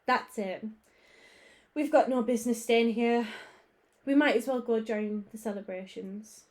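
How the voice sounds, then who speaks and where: A woman voicing a wise old male wizard who speaks calmly and evenly. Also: fairly high pitch, unhurried, lightly acted. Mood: resigned.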